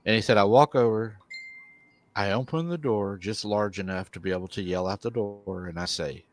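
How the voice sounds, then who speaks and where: A man's voice: lowish voice, moderate pace, no room sound. A man hosting a live show, retelling a viewer's encounter and quoting him at length. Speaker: host.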